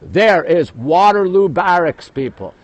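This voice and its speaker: A man with a New York accent, hosting a live walking tour on his phone, talking quickly and greeting viewers all the time. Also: high voice, expressive, muffled recording. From United States. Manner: rapid-fire, greeting viewers constantly. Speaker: livestream host. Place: outdoors at a busy historic site. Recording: faint outdoor city noise.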